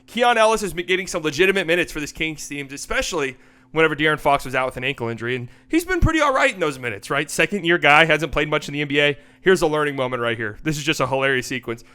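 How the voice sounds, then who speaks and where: Bright-voiced animated male basketball breakdown host. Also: a little high, fast, clear, resonant tone. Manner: animated, laughing, mocking. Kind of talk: casual film-breakdown commentary.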